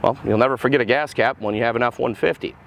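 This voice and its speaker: A man giving a casual, rapid, enthusiastic walkaround of a pickup truck as a car salesman, outdoors beside the vehicle. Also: mid-range voice, steady tone, gravelly, slight background noise.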